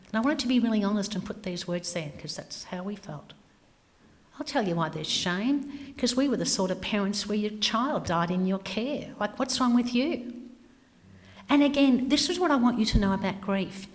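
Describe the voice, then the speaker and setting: A woman's voice: medium pitch, expressive, normal speed. Candid woman speaking in a hall. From Australia. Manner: candid, emphatic, drops to a whisper for weight. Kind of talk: personal talk on grief. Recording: hall with long reverb.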